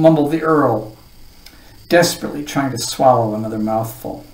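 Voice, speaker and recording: A reader narrating a children's novel aloud with expressive delivery. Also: medium pitch, moderate pace. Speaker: storybook reader. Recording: roomy echo, voice far from the mic.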